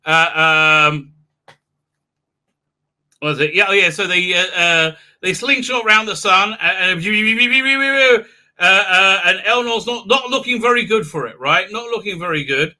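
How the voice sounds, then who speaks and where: A man with a high, very bright voice runs a casual livestream recap. He rambles through it with constant fillers and breaks into mocking, silly voices for the characters. It sounds loose and off the cuff. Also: normal speed. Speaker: livestream host reviewing a TV episode.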